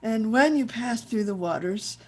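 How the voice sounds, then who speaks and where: A woman's voice: a little high, expressive, measured pace, darkish tone, a little hiss or hum. A woman rabbi giving a reflective spiritual teaching on a video call, searching for words and repeating herself as she thinks aloud. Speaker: rabbi leading a chant session.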